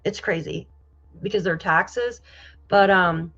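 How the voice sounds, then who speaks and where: A woman from New York State hosting a casual livestream, reading viewer comments aloud and reacting with loud exclamations and casual swearing. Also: on the low side, slow pace. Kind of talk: casual live chat. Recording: slightly dull lo-fi audio.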